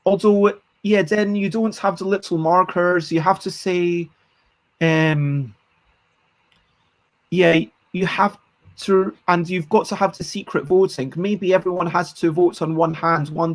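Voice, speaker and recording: Stream host chatting slow, thinking out loud about game rules. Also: medium pitch, fairly even intonation. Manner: musing, thinks aloud, counts out numbers. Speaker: streamer hosting a game design session. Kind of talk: casual live-stream chat.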